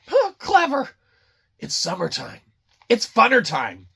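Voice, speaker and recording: A man's voice: sits high, big pitch swings, measured pace, gravelly, sharp tone, breathy edge. A man hosting a snack review, rambling and sarcastic with lots of swearing and silly voices. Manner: profane, sarcastic, jumps between silly voices.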